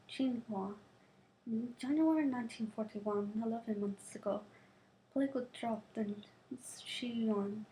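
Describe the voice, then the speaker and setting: A woman's voice: on the high side, mellow, a little hiss or hum, low-quality recording. A woman reading the lines of a stern male British ambassador from a novel, pressing hard on each word.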